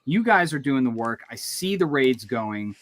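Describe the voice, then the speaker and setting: A man's voice: medium pitch, sing-song, moderate pace, a bit bright. A man hosting a casual livestream, upbeat and hyping things up, often restarting his sentences. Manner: upbeat hype, rambling restarts. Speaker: livestream host.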